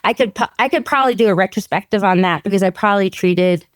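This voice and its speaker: Middle-aged woman, smooth clear voice, dry sound, chatty and laughing a lot. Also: medium pitch, fast, no room sound. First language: French. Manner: animated storytelling, laughs often, acts out quoted dialogue. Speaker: veterinary oncologist guest. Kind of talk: casual podcast interview.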